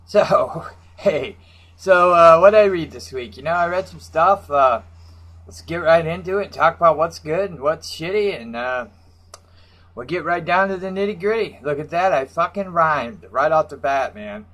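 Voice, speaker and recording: A man's voice: a little high, animated, moderate pace, fairly bright tone. A man ranting casually about comic books in a brash, profane, mocking way. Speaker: comic book reviewer.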